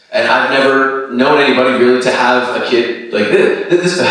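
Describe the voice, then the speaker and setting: Thirties male comic, bright and punchy, heard off-mic in a very echoey venue. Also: mid-range voice. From Canada. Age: 30s. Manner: animated storytelling with quoted voices. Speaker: stand-up comedian. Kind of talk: stand-up set. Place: comedy venue with live audience. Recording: roomy distant stage sound.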